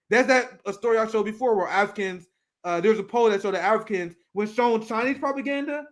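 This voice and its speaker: A man's voice: high voice, brisk. A man hosting casual political commentary, swearing often, laughing, and reading clips aloud as he reacts. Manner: profane, animated, laughs often.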